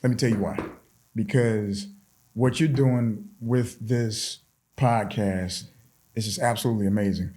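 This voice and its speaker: A man's voice: lowish voice, steady tone, measured pace, warm tone, a little hiss or hum. A man who is a podcast guest in casual chat, earnest and encouraging, often repeating words as he builds toward his point. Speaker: podcast guest, fraternity chapter president.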